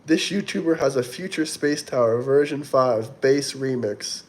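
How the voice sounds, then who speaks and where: This livestream host has a medium-pitched, darkish voice and keeps a measured pace. He chats loosely, wandering from topic to topic as he reads the chat's comments out loud.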